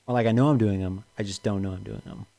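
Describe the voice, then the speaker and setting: A man's voice: on the low side, fairly even intonation, quick pace, gravelly, dark tone. Rambling, laughing young man co-host. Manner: rambling, laughs often, jokey storytelling. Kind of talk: casual livestream chat.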